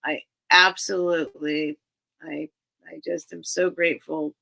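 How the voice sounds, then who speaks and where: Gravelly, bright-voiced woman chatting on a livestream. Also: low voice, level tone, a little slow. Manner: rambling and earnest, many restarts. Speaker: livestream seller and host. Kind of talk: casual livestream chat with viewers.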